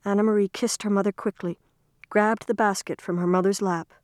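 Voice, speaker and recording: A woman reading a storybook aloud in a calm, measured way. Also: medium pitch, dry recording, clean studio sound. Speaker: reader. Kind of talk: storybook narration.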